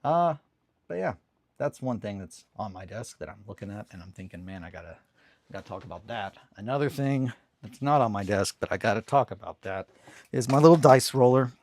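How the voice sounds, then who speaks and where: A man's voice: medium pitch, expressive, a little fast, darkish tone, no room sound. Man, young adult, hobby show host, rambling casual anecdote, dry close sound. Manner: laid-back, self-deprecating, swears casually. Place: home hobby desk.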